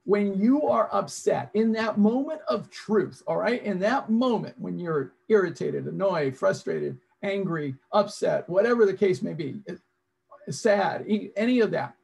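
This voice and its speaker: A man's voice: sits high, animated, a little slow, gravelly, a little mellow, husky. A man presenting an interactive online seminar over a video call, coaching his audience and repeating his prompts.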